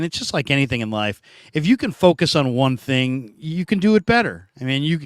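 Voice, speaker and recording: Male sports host, chatty, slightly high voice, dry close sound. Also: fairly bright tone, no room sound. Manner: chatty, reads viewer comments aloud. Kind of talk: casual sports talk.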